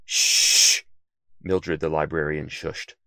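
A man narrating a children's story in an expressive, animated reading voice. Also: fairly low pitch, a little fast, no room sound, studio quality.

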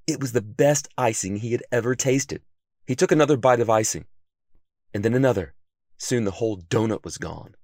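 A man narrating a children's story in an expressive, animated reading voice. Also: medium pitch, a little fast, dry recording, clean studio sound.

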